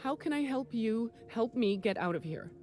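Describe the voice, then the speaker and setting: A woman's voice: a little high, expressive, normal speed, a little mellow, faint music behind, close to an everyday voice. An actress voicing a nervous young woman receptionist in a video game, breathless, rattled and chatty.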